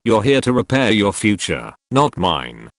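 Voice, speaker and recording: A man reading aloud the gentle, measured lines of a wise and tender queen mother. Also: lowish voice, sing-song, dry recording, studio quality.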